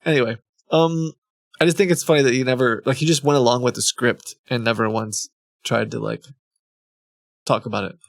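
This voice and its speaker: A man's voice: medium pitch, fairly even intonation, a little fast, long pauses, dry recording. A man streaming live, reading scam emails aloud with amused, chuckling, rambling asides. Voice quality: creaky.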